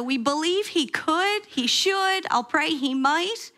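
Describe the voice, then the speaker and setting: A woman pastor giving a sermon, telling a story with lively acted-out quotes and questions to the congregation. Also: slow pace. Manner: animated storytelling, acting out quoted prayers with sharp pitch jumps. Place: church sanctuary.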